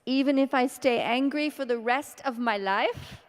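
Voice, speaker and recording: A woman leading a guided tapping session, speaking slow scripted affirmations between deep sighs and breaths. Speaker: EFT tapping practitioner. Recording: long reverb in a hall.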